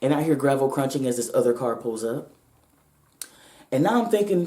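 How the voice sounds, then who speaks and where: A woman's voice: very deep voice, animated, normal speed, dark tone, roomy sound. A woman vlogger telling a personal story to her viewers, blunt, profane and emphatic, her voice shaking with nerves.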